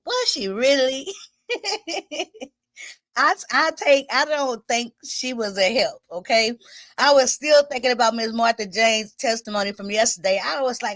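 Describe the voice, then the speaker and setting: A high-voiced woman hosts a home livestream in a chatty, loose way. She greets her viewers by name and laughs often, and she sounds slightly winded. Her voice is recorded close and dry, with no room echo. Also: unhurried, fairly bright tone. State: a little winded. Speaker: host of a livestream commenting on trials. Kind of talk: casual livestream chat with viewers.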